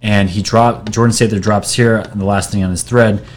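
A man with a fairly low voice talks through posts and articles he has pulled up on screen, in a loose, conversational way. He rambles, restarts sentences and drops fillers. A faint hiss of noise sits under the recording. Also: steady tone, moderate pace. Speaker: video channel host. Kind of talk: casual commentary reading from screen. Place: New York.

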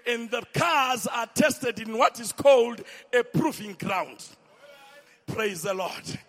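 A preacher with a strikingly high voice delivers an impassioned sermon at a slow, deliberate pace. His lines rise into sing-song shouts and calls for amens. A long reverb trails every phrase. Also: expressive.

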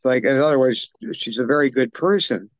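Male podcast co-host, mid-pitched, chatty plot recap, loose and rambling, dry close mic. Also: a little fast, no echo. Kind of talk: casual film discussion.

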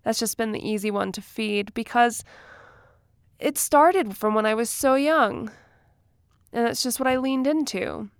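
A woman's voice: a little high, measured pace, pauses often, dry recording, clean studio sound. A young woman talking candidly in a casual vlog, chatty, laughing often and using many fillers. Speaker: vlogger and author. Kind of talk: casual personal talk to camera.

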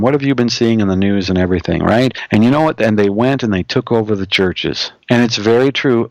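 A male pastor talks listeners through a case study in an earnest preaching manner. He repeats words and keeps checking in with his audience. His voice sits in a middle pitch, recorded dry and close with no room echo.

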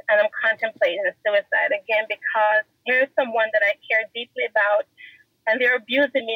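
A woman's voice: fairly high pitch, no echo, muffled recording. A woman guest giving an earnest, emotional personal testimony in an interview. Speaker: podcast guest.

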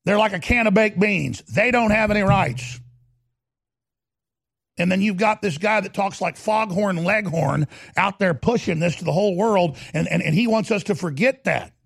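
Fired-up middle-aged guy ranting on talk radio, high-ish husky voice, super dry sound. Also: normal speed, dry recording. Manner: fervent, combative, hammering repetition.

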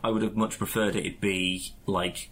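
A man in casual podcast chat about a film, rambling and animated, swearing and slipping into mock voices. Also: low voice, normal speed, husky. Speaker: podcast co-host.

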